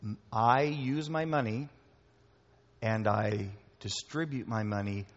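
Pastor preaching in an echoey hall. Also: male voice, mid-range voice, slow. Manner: conversational, repeats words, talks to the congregation. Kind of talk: sermon. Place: church hall before a congregation. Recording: echoey hall, dull lo-fi sound.

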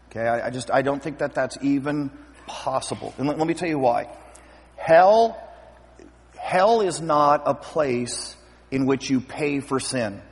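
A man preaching a sermon as pastor, lively and acting out scripture scenes with voices. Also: mid-range voice, slightly rough. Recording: long hall reverb.

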